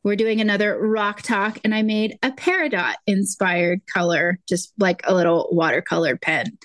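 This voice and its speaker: A bubbly young woman co-hosting a podcast, chatting casually and peppering her speech with "like." Her voice is medium in pitch, and the recording is dry and close, with little room sound. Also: normal speed, no echo. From Lake Tahoe area. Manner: bubbly, chatty, lots of "like" fillers. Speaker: podcast co-host. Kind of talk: casual chat.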